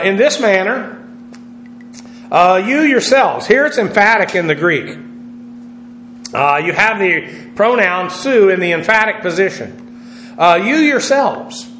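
A man with a high voice teaches from the pulpit and works through Greek terms one letter at a time. He pauses often with "uh" as he goes. The room is echoey, with a faint hum underneath. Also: a bit bright. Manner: spells out Greek words letter by letter, many "uh" pauses. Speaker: pastor teaching a Bible study. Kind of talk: expository sermon.

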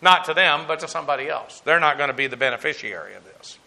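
A man with a high, very bright voice leads a verse-by-verse Bible lesson. He moves through numbered points with an emphatic, rambling delivery, full of fillers and restarts. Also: lively intonation, quick pace, creaky. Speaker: Bible teacher.

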